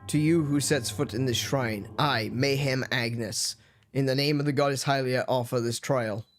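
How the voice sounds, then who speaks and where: A man reading out a solemn ancient male monk from a video game, slow and ceremonial, pitched somewhat lower than his own voice. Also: fairly even intonation, faint music behind, lightly acted.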